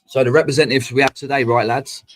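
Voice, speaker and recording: A man hosts a live stream, drifting from one thought to the next in loose, sweary football banter. His voice sits at an ordinary middle pitch for a man. He talks to his viewers in a casual, unscripted way. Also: fairly even intonation, fast, a bit bright.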